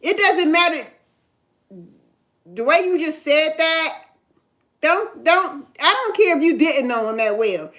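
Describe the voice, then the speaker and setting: A woman's voice: high-pitched, lively intonation, slow pace, long pauses, pushed and bright. A middle-aged woman telling her own story in casual talk, emphatic and often checking that the listener understands. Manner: emphatic, keeps asking "you understand?". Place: in Ohio.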